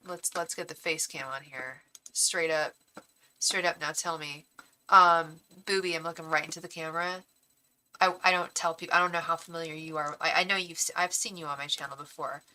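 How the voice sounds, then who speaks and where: A woman's voice: deep voice, steady tone, normal speed, sharp tone, poor audio. A young woman doing a live tarot stream, talking earnestly and defensively to viewers, stammering and restarting, calling them pet names, and openly emotional. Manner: calls viewers pet names like babe and honey. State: emotional, heart racing.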